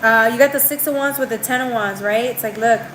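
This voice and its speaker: A woman's voice: a little high, brisk, fairly bright tone, slight background noise, rough recording. A woman giving a live tarot reading in a chatty, slangy way. She keeps tagging her lines with "right?" and often restarts or trails off mid-phrase. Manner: slangy, calls the viewer girl and bro. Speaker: tarot reader.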